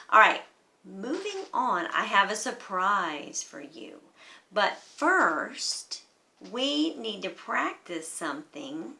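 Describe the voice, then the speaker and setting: A woman music teacher giving a children's music lesson, speaking in a gentle, encouraging way to young children. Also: mid-range voice, vocal fry.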